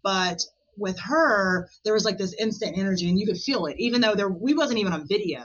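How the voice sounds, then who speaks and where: A woman's voice: mid-range voice, a little fast. Chatty woman podcaster, lo-fi sound. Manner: chatty, animated, laughs often. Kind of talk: casual interview chat.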